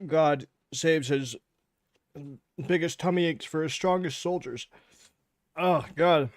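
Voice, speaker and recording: A man's voice: on the high side, slow, no room sound. Swearing man on a livestream. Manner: swearing, groaning over spicy food. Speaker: streamer. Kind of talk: casual livestream chat.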